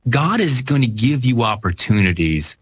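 A man's voice: medium pitch, very animated, normal speed, husky. A man hosting a radio talk show, asking questions and reflecting earnestly with his guest. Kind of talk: radio interview.

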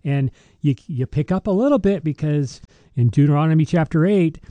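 Rambling, dark-voiced middle-aged deacon. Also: male voice, a little high, moderate pace, dry recording, highs cut off. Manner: rambling storyteller with many restarts. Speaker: deacon and show host. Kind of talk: casual faith podcast chat.

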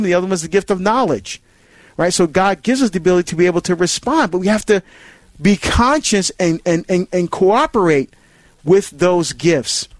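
High-voiced earnest male radio host. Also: no room sound. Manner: earnest, repetitive restarts, acts out challengers' voices. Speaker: Catholic radio show host. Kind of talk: call-in radio talk on faith.

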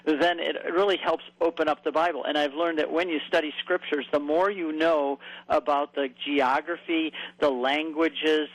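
A man telling stories in a conversation, animated and acting out the voices of people he quotes. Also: on the high side, no echo, rough recording. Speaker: guest speaker on faith and Bible lands. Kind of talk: storytelling in a conversation.

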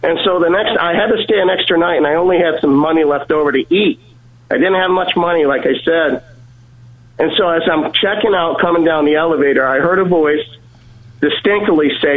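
A man calling in to tell a personal faith story, earnest and halting, often repeating his words. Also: a little high. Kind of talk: heartfelt storytelling. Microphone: telephone. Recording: tinny phone line.

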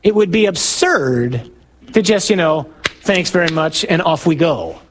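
A middle-aged man, a priest, preaching a sermon with animated emphasis and asides to his listeners. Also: fairly high pitch, a little slow. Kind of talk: sermon to a parish men's group.

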